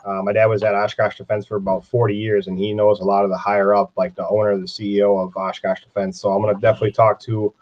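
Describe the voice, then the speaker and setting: An American man joins a casual livestream chat, talking in a friendly, halting way with many fillers. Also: on the low side, little pitch movement. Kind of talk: casual live-stream chat. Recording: dull lo-fi livestream audio.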